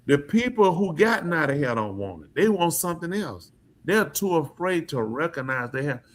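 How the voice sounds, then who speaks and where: Hosting a podcast of casual opinion talk, a man speaks in a casual, emphatic, preachy way and frequently poses questions to his listeners. His voice is fairly high and very animated, at a normal pace.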